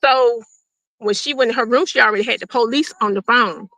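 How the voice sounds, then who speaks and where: A middle-aged woman recounts her own story in a gravelly, fry-laced voice that sits a little high for a woman. Her tone is bright and forceful, and she speaks plainly, slipping into the voices of the people she quotes. The recording is dry and close. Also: brisk, no echo, low-quality recording. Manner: plain-spoken, acts out quoted dialogue. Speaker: guest telling her survival story. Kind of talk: unscripted personal storytelling.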